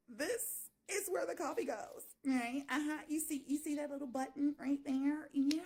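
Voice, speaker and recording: Exasperated woman ranting at home. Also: sits high. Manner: exasperated, profane and dramatic. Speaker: vlogger. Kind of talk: casual rant to camera. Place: home kitchen.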